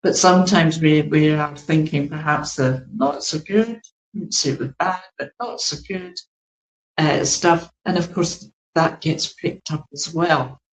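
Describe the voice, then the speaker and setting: A woman giving a gentle, meandering spiritual talk to an online group as its teacher, with many fillers. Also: sits low, measured pace, reverberant, poor audio.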